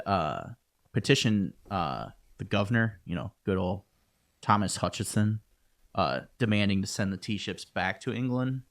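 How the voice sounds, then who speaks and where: A man co-hosting a history podcast, joking around in loose casual chat with lots of fillers. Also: on the low side. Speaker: podcast co-host.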